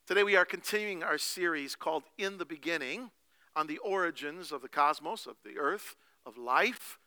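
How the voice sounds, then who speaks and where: Lively bright-voiced male preacher. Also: fairly high pitch, no room sound. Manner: animated storytelling, drawn-out emphatic phrases. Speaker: pastor. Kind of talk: sermon.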